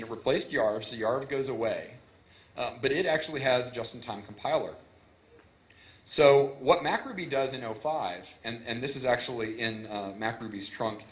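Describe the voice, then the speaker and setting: A man's voice: medium pitch, a bit bright. A man giving a technical conference talk, explaining in a casual way with lots of fillers and restarts, into a stage microphone. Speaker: conference speaker. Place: conference hall. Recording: roomy hall echo.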